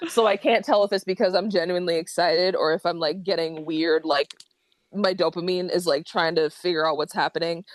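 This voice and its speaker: A drag king guest in a casual podcast interview, excitable and rambling, self-deprecating and quick to laugh. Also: on the low side, no echo. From Ohio.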